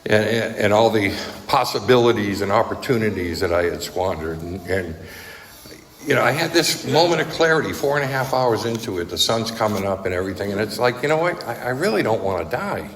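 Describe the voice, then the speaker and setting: A recovery meeting speaker tells his story in a blunt, conversational way, repeatedly asking "right?" and "okay?". He has a lowish, expressive, slightly bright voice and talks a little fast, with the echoey hall carrying faint noise.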